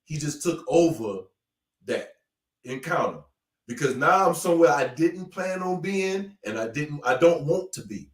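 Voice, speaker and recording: A man casually talking through martial arts ideas, animated, swinging from loud bursts to low mutters. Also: measured pace, recorded from a distance. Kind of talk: casual conversation. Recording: echoey room, off-mic.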